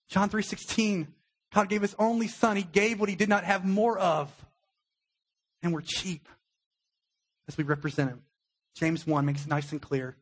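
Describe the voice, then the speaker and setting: A young adult man, a pastor, giving a conversational sermon with a husky voice and acted-out quotes. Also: a little high, steady tone, moderate pace, long pauses. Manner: conversational preaching with acted-out quotes, emotional at times.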